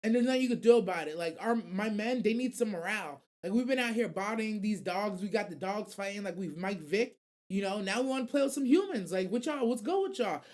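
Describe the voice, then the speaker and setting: A woman's voice: medium pitch, animated, brisk, darkish tone, natural voice. A woman voicing a boastful, bullying male orc mage, talking trash in slang. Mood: taunting. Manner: taunting, slangy trash talk.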